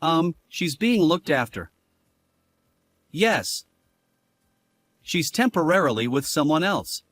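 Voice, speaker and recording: A flustered, deceitful husband, played by a man, stammers and hedges in a dramatized story. His voice sits fairly high for a man and swings widely in pitch, with slow, halting delivery. The sound is close and dry. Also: very animated, a bit bright, no room sound, heavily acted. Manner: hesitant, stammering.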